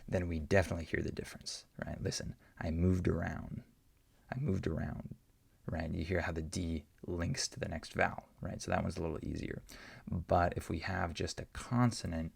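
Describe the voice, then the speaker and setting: A man's voice: low-pitched, level tone, brisk, creaky, breathy edge. A man teaching English pronunciation, answering learner questions and patiently repeating example words to show each sound.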